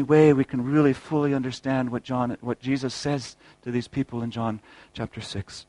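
A man's voice: mid-range voice, level tone, moderate pace, few pauses, dark tone, dry recording, poor audio. A man preaching a sermon, earnest and explanatory, posing rhetorical questions and often repeating words as he goes.

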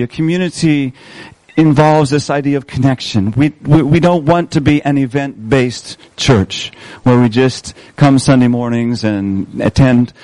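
Man, pastor, sermon, measured emphatic delivery, dry close sound. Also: medium pitch, darkish tone, no echo, rough recording. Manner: measured, emphatic repetition of key phrases. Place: church service.

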